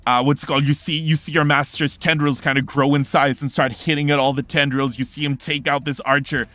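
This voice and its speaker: A man's voice: a little high, flat delivery, fairly quick, fairly bright tone, faint music behind. Man narrating as game master. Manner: dramatic narration, often searching for words.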